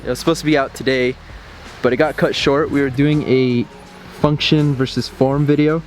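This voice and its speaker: A young man hosting a car vlog stands outdoors by parked cars, chatting at normal speed in a mid-range voice. Relaxed, he retells a story with acted-out bits of quoted dialogue, picked up by a camera-mounted shotgun mic with a little hiss or hum.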